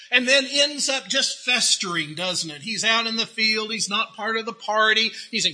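A man's voice: sits high, animated, normal speed, pushed and bright, poor audio. A man preaching a sermon in a conversational way, asking rhetorical questions and adding humorous asides. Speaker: pastor.

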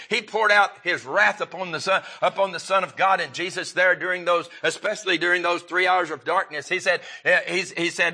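Bright-voiced man preaching a sermon. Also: high voice, husky. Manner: halting, repeats and restarts, rising for emphasis.

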